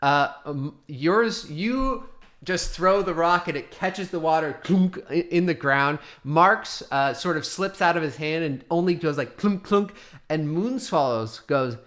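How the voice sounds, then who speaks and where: Relaxed male game master narrating. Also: on the high side, unhurried. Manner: relaxed, with many fillers and sound effects.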